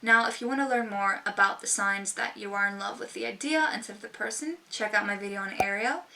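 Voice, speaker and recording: Speaking a little fast in a gravelly, pushed, bright mid-range voice, a young vlogger chats casually to camera. Her delivery is sassy and emphatic, and the mic sits a bit far from her.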